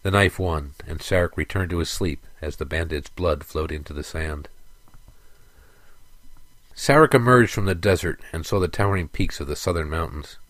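A man narrates a fantasy story in a measured, even way. His voice is very low and the recording is dry, with no room sound. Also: no echo. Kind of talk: audiobook narration.

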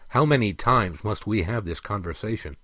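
A man's voice: fairly low pitch, animated, a bit bright, dry recording. A man voicing a stern, weary elf king. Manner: firm, measured, lecturing.

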